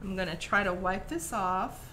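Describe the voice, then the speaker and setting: A woman from Saint Croix with a softened Virgin Islands Caribbean accent, chatting casually with viewers during a live craft tutorial. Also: mid-range voice, expressive, moderate pace, noisy background. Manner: chatty, talks to viewers by name with many fillers. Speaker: craft stream host.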